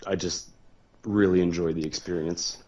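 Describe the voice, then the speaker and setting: A man's voice: low voice, steady tone, normal speed, a little mellow. A man chatting casually during a game stream, laid-back, with short replies and an easy laugh. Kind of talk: casual chat. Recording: dull lo-fi mic sound.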